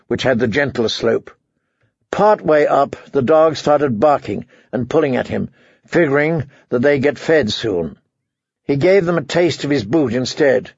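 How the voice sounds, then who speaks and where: A man reads a story aloud in measured narration. His voice is husky with a gravelly edge. The recording is dry, close and a bit dull. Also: mid-range voice, no room sound. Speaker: audiobook narrator. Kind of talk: scripted narration.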